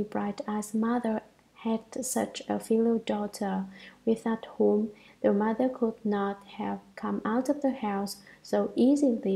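Gravelly-voiced woman reading scripture commentary. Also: medium pitch, mellow, rough recording. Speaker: dharma lecture reader.

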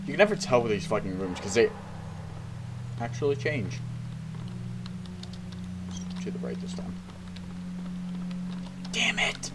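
A man with a lowish voice gives rambling, self-mocking commentary while he plays a horror game. He swears constantly and sounds jittery. Game sounds play clearly behind him. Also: sing-song, measured pace, pauses often, very noisy. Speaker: gaming video host.

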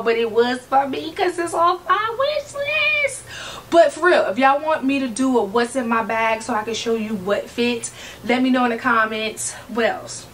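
A woman's voice: on the high side, fairly bright tone, recorded from a distance, slight background noise, poor audio. Sassy, chatty woman vlogger. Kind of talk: casual chat to camera.

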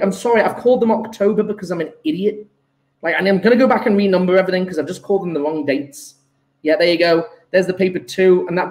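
A man's voice: high voice, darkish tone, poor audio. A man talking casually through an exam paper review as a chemistry teacher, chatty and self-deprecating, exclaiming at his own mistakes.

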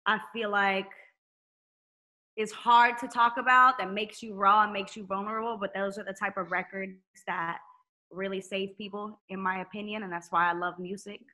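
A woman with a bright, crisp voice talks as a podcast guest. She speaks frankly and with energy and swears casually. She sounds open and unguarded. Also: mid-range voice, normal speed. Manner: candid, animated, swears freely. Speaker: singer-songwriter guest. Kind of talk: casual chat.

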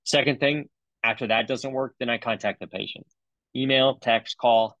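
A man's voice: mid-range voice, fairly even intonation, moderate pace, a bit bright, no room sound, muffled recording. A middle-aged man, a dentist, giving a comedic webinar talk in a sarcastic, joking way with loose fillers.

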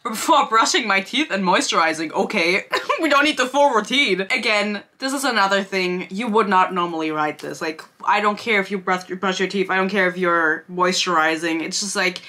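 A woman's voice: medium pitch, moderate pace, bright, forceful tone. A young woman at her bedroom desk, giving a sarcastic book review with swearing and laughing asides. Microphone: desk camera.

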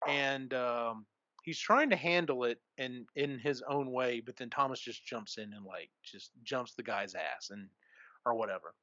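Unhurried and medium-pitched, this man's pushed, bright voice carries a loose book discussion on his podcast as he wanders through the plot with fillers and false starts. No room sound comes through, though the lo-fi quality is dull.

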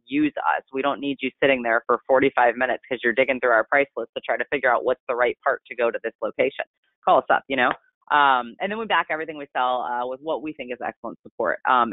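A man giving a casual, rambling product training talk over a conference call, in a delivery he calls monotone. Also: mid-range voice, dry recording. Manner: chatty, rambling, self-described monotone. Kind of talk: casual webinar presentation. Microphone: conference call line. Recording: tinny phone line, dry.

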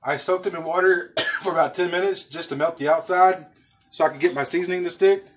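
Outdoors by a smoker, a barbecue channel host runs a casual, folksy cooking vlog, chatting to his viewers as folks and y'all while coughing from pepper rub. His high voice holds a steady tone at a fairly quick pace, with a little hiss or hum in the recording.

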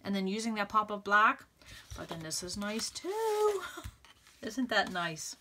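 A woman hosting a scrapbooking video, chatting excitedly and thinking aloud as she arranges papers, laughing often. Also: medium pitch, a little slow, noisy background. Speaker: scrapbooking channel host. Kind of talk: casual crafting tutorial chat.

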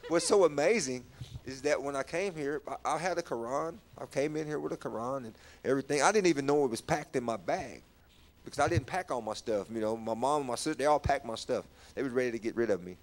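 Man, mid-pitch, giving a halting testimony, repeats himself, lifts his voice when moved. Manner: halting, repeats words, rises when stirred. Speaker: guest sharing testimony. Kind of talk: personal testimony in church talk.

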